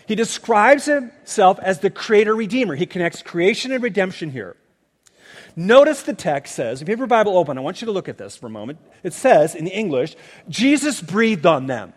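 A man preaching a sermon, teaching through scripture with emphatic asides to the listeners. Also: high voice. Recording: long reverb of a large hall.

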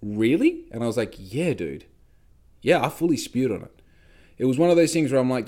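A man's voice: medium pitch, big pitch swings, moderate pace, darkish tone. Rambling, cussing Australian guy. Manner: rambling, swears a lot, acts out quoted voices. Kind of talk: casual storytelling.

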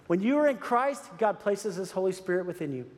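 A pastor with a high, expressive voice preaches at a fairly quick pace in a church sanctuary, where the large hall adds long reverb. He is earnest and urgent, repeating phrases to drive his points home.

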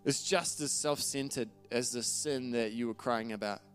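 Faint music lies behind a male pastor who speaks at medium pitch and an ordinary pace. His sermon feels sincere and conversational, with scripture read aloud and phrases often begun again.

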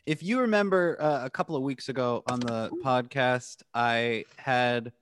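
A man's voice: medium pitch, measured pace, a bit bright, slight background noise. A man co-hosting a casual podcast chat, joking and rambling, sometimes slipping into silly voices. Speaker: podcast co-host.

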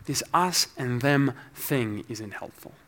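A man preaching a teaching sermon, explaining scripture in a measured, scholarly way. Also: medium pitch, lively intonation, a bit bright. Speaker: pastor.

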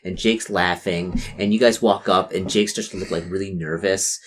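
A woman narrating a tabletop role-play game as game master, chatty and halting as she quizzes her player. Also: very deep voice, steady tone.

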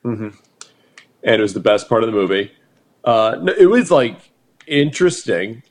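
A man's voice: fairly low pitch, big pitch swings, normal speed. A man co-hosting a podcast, chatting casually about a movie in a rambling, jokey way with many fillers. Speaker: podcast co-host. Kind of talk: casual movie review chat.

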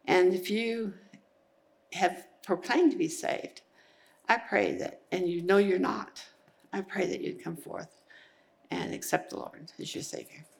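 Earnest woman with a gravelly low voice. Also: unhurried. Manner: rambling, earnest storytelling with laughs and restarts. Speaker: church member giving testimony. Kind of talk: personal testimony in church.

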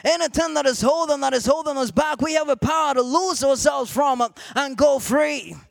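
A man preaching a sermon to a congregation, repeating "amen" often and rising to shouted emphasis. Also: very high voice, moderate pace, gravelly, no room sound.

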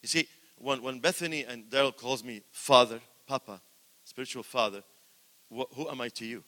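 An older man preaching in a church, his bright, forceful voice ringing through a long hall reverb. He swings from loud, exclaiming peaks to hushed asides and repeats words for emphasis. His pitch sits at an ordinary middle for a man. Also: normal speed. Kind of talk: sermon.

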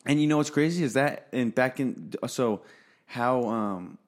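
A young man who is a guest on a podcast, speaking in halting bits and cutting into the host's talk. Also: medium pitch. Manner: hesitant, halting, interjecting. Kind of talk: casual podcast chat.

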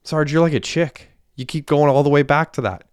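A volatile young killer, shaken yet scheming, as a man reads him in an audiobook. The voice is low, smooth and clear, recorded close and dry. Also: steady tone, moderate pace, no room sound, natural voice. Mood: scornful. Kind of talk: audiobook character voice.

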